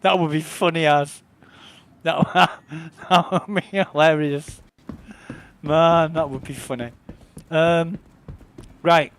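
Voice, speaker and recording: A man's voice: on the high side, steady tone, slow, pauses often, clear, resonant tone. A man streaming a video game, rambling casually about what he sees and swearing now and then. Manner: laid-back, rambling, swears freely. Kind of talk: casual gaming commentary.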